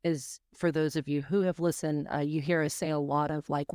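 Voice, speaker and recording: A woman's voice: low-pitched, fairly even intonation, normal speed, darkish tone, no room sound. Chatty woman podcast host, dry sound. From North Carolina, US. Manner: chatty, many fillers and asides. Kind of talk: casual interview questions.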